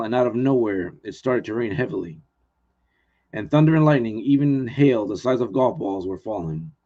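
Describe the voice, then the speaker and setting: A man's voice: medium pitch, dark tone. A male author reading his own novel aloud in a plain, earnest way, with small restarts, on dull lo-fi stream audio.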